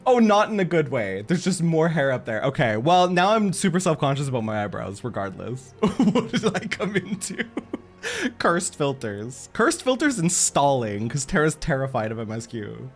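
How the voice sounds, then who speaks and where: A male game streamer chats casually with his viewers, his voice swooping up and down as he jokes at his own expense. He laughs often between remarks. Soft game music plays faintly in the background. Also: fairly high pitch, very animated, moderate pace. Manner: giggly, self-mocking, laughs a lot.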